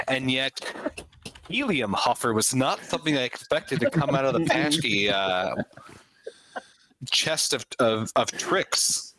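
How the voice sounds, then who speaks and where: A man's voice: medium pitch, sharp tone, a little hiss or hum, poor audio. A man running a tabletop game as game master, speaking in a formal, wordy way. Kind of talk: tabletop game narration and chat.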